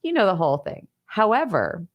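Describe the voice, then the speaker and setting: Walking through clutter advice step by step with everyday examples, a middle-aged woman coaches solo, speaking a little fast and very animatedly on dull-sounding audio. Her acted-out quotes bring larger swings in pitch.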